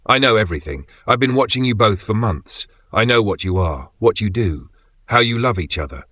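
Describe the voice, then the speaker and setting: A man reading the lines of a cold, vengeful woman in a dark narrated story, delivering measured threats. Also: lowish voice, animated, dry recording.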